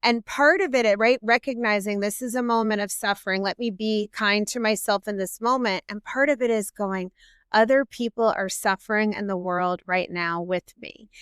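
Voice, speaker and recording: A woman's voice: medium pitch, clear, resonant tone, dry recording, clean studio sound. A middle-aged woman, a therapist and podcast guest, explaining earnestly in an interview conversation. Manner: warm, earnest explaining with quoted self-talk.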